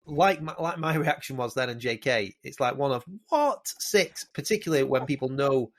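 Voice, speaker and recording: A man's voice: medium pitch, fairly even intonation, brisk. A man co-hosting a casual podcast, encouraging and reassuring, with frequent restarts. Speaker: podcast co-host.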